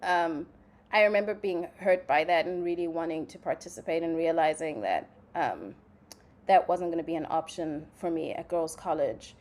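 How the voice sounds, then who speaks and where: A young woman from Zimbabwe, a playwright and actress, telling stories in a casual interview, animated and full of "like" fillers. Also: sits low, moderate pace. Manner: animated storytelling, many "like" fillers, acts out quotes.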